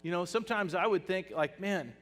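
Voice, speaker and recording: A male pastor preaching a sermon, animated and swinging between soft, hushed lines and loud bursts. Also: high voice, a little fast. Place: church hall. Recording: long hall reverb.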